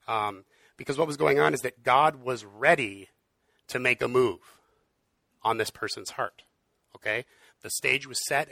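Guy preaching casual and earnest, gravelly bright voice, dry sound. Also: medium pitch, dry recording. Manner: earnest, conversational, with frequent fillers. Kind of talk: casual sermon.

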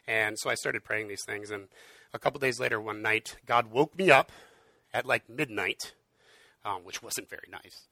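A man's voice: mid-range voice, expressive, moderate pace, gravelly, sharp tone, no echo. A man preaching in an earnest, conversational way, with frequent fillers. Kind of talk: casual sermon.

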